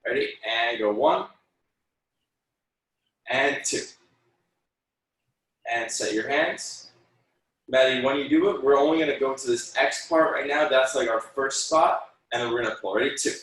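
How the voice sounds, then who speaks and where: A man coaching a martial arts class online, calling out counts and giving encouraging corrections. His mid-pitched voice rings through a very echoey room. He speaks from some distance off the mic. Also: a little slow, long pauses, fairly bright tone. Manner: encouraging, counts out moves and corrects students by name. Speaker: taekwondo instructor. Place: room, teaching students over video call.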